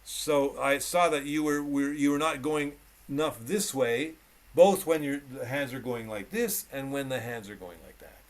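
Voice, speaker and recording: A male piano teacher on a video call instructs a single student emphatically, repeating short cues during his demonstrations as the piano plays in the background. He speaks at medium pitch and normal speed.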